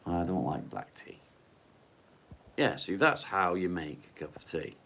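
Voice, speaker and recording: A man's voice: low voice, sing-song, measured pace, creaky, fairly bright tone, a little hiss or hum. A man hosting a casual live stream at home in his kitchen, chatting bluntly, swearing freely and talking to his dog.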